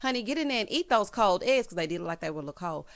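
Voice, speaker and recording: A woman in her thirties recapping a reality show in a sassy, animated way, tossing in "honey" and "child" as she goes. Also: mid-range voice, racing.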